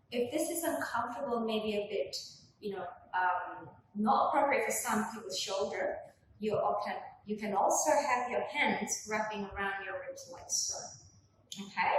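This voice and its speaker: A woman with a high voice calmly leads a gentle pilates session, cueing each inhale and exhale. She sounds distant from the camera in a very echoey room, with a faint hiss behind her. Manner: gentle, calm cueing of breath and movement. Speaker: pilates instructor. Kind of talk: guided workout instruction. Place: room at home.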